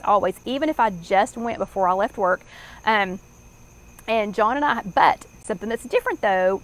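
A woman's voice: on the high side, low-quality recording. Chatty Southern woman hosting a live chat. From American South. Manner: rambling, chatty, many fillers and restarts. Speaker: online workshop host.

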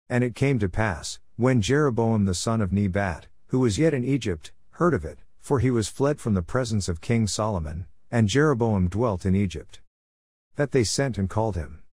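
A man giving a measured, even reading of scripture in a scripted style. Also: lowish voice, no room sound, studio quality. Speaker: Bible reader.

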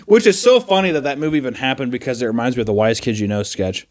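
A man co-hosting a casual podcast chat, laid-back and rambling, now and then breaking into loud laughing impressions. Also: mid-range voice, fast talker, no room sound, clean studio sound. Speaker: podcast co-host.

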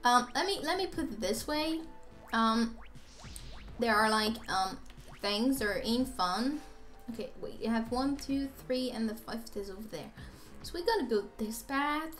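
High, lively young woman gaming. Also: unhurried. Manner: chatty, rambling, bursts into squeals and laughs. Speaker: let's play gamer. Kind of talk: casual gameplay commentary. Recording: faint game music behind.

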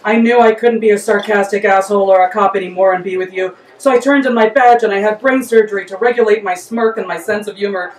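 A woman's voice: mid-range voice, fairly even intonation, fast talker, few pauses, close to an everyday voice. Woman doing a dry sarcastic cop man, hard-bitten, echoey room, far from the mic. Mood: earnest.

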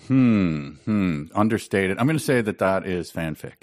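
A man's voice: low-pitched, expressive, normal speed, a little mellow, no room sound, clean studio sound. A man co-hosting a podcast, giving wry, hesitant comments on what was just read. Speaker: podcast co-host. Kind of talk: casual podcast chat.

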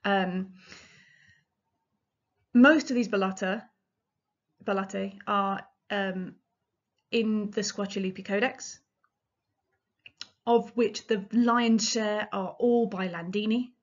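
A woman's voice: mid-range voice, fairly even intonation, slow, long pauses, highs cut off. Chatty woman giving a music lecture. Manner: chatty, explanatory, frequent ums and restarts. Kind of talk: illustrated lecture.

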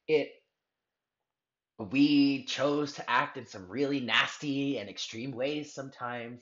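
A man's voice: medium pitch, measured pace, a bit bright, highs cut off. A man giving a spiritual tarot reading in an earnest, heartfelt way, rambling with restarts. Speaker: tarot reader.

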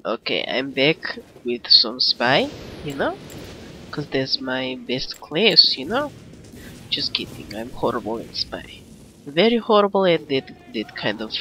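A young man with a put-on Russian accent, commentating his gameplay in excitable, exclamatory, playfully broken English. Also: mid-range voice, slow, long pauses. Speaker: gaming commentator. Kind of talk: let's-play commentary.

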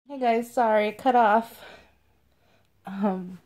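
A young woman filming a casual unboxing vlog at home, gushing and cooing in a high baby-talk voice. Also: measured pace, long pauses, darkish tone. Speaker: vlogger.

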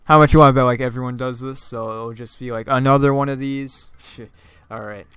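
A man's voice: medium pitch, fairly even intonation, fairly quick, fairly bright tone, smooth, no echo. A man giving casual, joking commentary over his own gameplay, laughing often and stumbling over his words. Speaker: gaming YouTuber.

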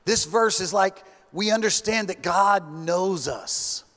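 Male pastor preaching in a church, high voice, slow measured delivery, echoing sanctuary reverb. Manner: earnest, slow, dropping to hushed tones when quoting scripture. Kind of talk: sermon. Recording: long church hall reverb.

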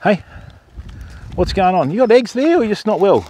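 Lively man coaxing animals. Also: high voice, moderate pace, a little hiss or hum. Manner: coaxing animals in a sing-song voice. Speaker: livestream host at a wildlife park. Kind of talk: casual outdoor livestream chat. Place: outdoors at a wildlife park.

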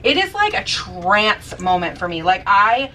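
A woman's voice: mid-range voice, very animated, unhurried, pushed and bright, far from the mic, slight background noise, rough recording. A young woman vlogging in her kitchen while she bakes, talking in a sassy, chatty way with casual swearing. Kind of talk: casual chat while baking. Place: home kitchen.

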